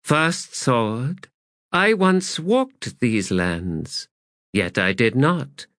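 A man's voice: mid-range voice, expressive, extremely slow, a bit bright, no room sound, studio quality, heavily acted. A man voicing a terse, cryptic undead female warrior in an audiobook.

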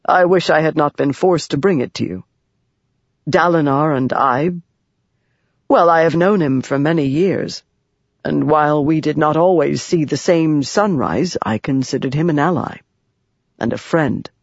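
A narrator voicing a proud, scheming male high prince in an audiobook, speaking smoothly and formally with false sorrow. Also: measured pace, no room sound. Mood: grave. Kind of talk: audiobook character voice. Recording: dry, dull lo-fi sound.

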